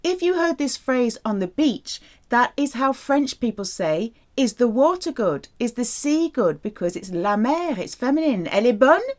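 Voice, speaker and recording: Playful, animated woman teaching a language. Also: unhurried, few pauses. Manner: playful, animated teaching with wide pitch swings. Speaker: French teacher. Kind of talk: language lesson narration.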